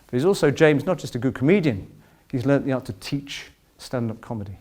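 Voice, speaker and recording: A man's voice: medium pitch, lively intonation, brisk, a little mellow. A man telling a chatty, self-mocking story to an audience. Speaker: speaker telling his story. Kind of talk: casual storytelling talk.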